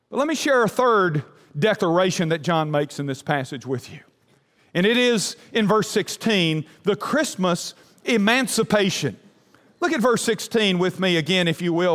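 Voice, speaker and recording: Older guy preacher, highish voice, earnest sermon, swells then goes quiet. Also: big-room sound. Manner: earnest storytelling, swells up then drops to a hush. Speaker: pastor. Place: church sanctuary.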